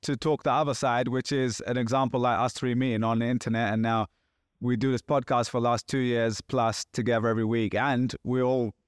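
A man's voice: medium pitch, a little fast, smooth, no room sound. Chatty male podcast co-host, dry sound. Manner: animated, acts out quoted exchanges. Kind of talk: casual podcast chat.

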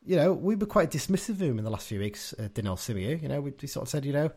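A man's voice: on the high side, big pitch swings, rapid-fire, a little mellow, husky. A man co-hosting a casual football podcast, chatty and opinionated, often tagging his points with questions. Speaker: podcast co-host.

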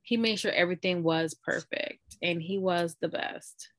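Low-voiced woman telling a rambling story. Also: moderate pace. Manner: rambling, heartfelt storytelling full of "like". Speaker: podcast co-host telling a personal story. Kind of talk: casual chat.

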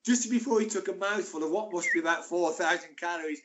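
A man, a former footballer telling lively anecdotes as a podcast guest. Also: high-pitched, fast talker, noisy background. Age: 60s. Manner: animated, laughing anecdotes. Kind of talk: casual storytelling.

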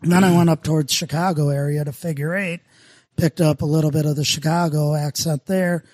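A man's voice: a little high, fairly even intonation, brisk, darkish tone, dry recording, clean studio sound. A middle-aged man from Minnesota, a brewer guest chatting casually and telling rambling, self-deprecating stories with lots of fillers. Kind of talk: casual podcast chat.

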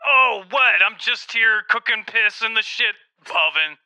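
A man plays a manic, crude phone-in goof who rambles gross nonsense at a high, very bright, piercing pitch. The talk tumbles out without pause. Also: lively intonation, heavily acted. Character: crude loud-mouthed man named Jack. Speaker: comedy podcast bit character.

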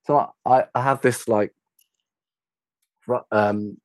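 A man's voice: medium pitch, takes it slowly, no room sound. A man who works as a sound engineer, telling a story in casual conversation, laughing as he talks and swearing freely. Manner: animated anecdote telling, laughs while talking, swears freely. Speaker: guest, sound engineer and tour manager.

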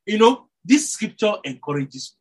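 This man preaches a sermon in a high, slightly slow voice with a breathy edge, captured on a low-quality recording. He's animated, letting his voice rise and drop for emphasis, correcting himself as he goes and chuckling.

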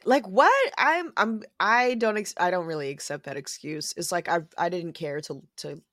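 A woman co-hosting a podcast over a video call, animated and swearing freely. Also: on the low side, no echo, studio quality. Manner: animated, swearing, quick reactions. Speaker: podcast co-host. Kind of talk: casual chat.

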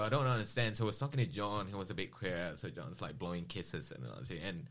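A man casually recounting personal experiences in an interview, with a rambling, animated manner and quoted dialogue. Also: deep voice, quick pace.

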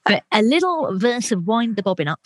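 A middle-aged woman, a comedian and awards host, telling lively anecdotes in casual chat with animated delivery. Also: brisk, dry recording. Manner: animated storyteller, high-pitched impressions.

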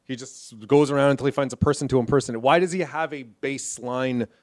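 Man, casual podcast talk, halting, restarts, dry close sound. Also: medium pitch, steady tone, a little mellow, dry recording. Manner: halting, many restarts while explaining. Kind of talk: casual movie discussion.

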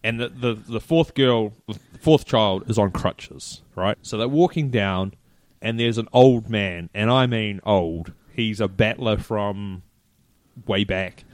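A man's voice: fairly low pitch, slow, no echo. A man with a New Zealand accent, co-hosting a casual podcast and telling stories animatedly, acting out the voices of the people in them. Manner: animated storyteller, quoting people in raised voices. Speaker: podcast co-host. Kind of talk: casual chat, storytelling.

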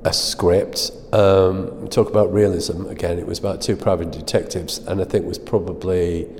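Middle-aged male guest, low mellow voice, dry self-mocking storyteller, reverberant sound. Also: little pitch movement, moderate pace. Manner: self-deprecating, laughs at own stories. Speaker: guest telling stories. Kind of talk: anecdotal storytelling.

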